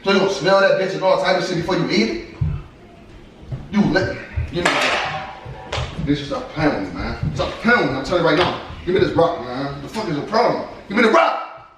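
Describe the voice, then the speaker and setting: A man's voice: fairly high pitch, animated, fairly quick, background noise. A man ranting in a prank vlog, profane, stuttering and repeating himself. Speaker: vlogger, husband. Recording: echoey room, mic at a distance, music under it.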